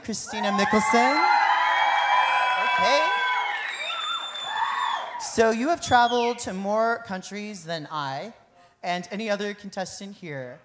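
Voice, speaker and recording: A woman's voice: mid-range voice, background noise. A woman hosting a live pageant on stage, chatting playfully with contestants and laughing often. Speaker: pageant host. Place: live pageant show in a concert venue.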